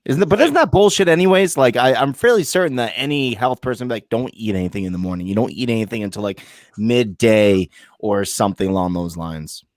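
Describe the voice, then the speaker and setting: Lively, profane male podcast host. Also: medium pitch, fast talker, no room sound, clean studio sound. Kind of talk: casual podcast banter.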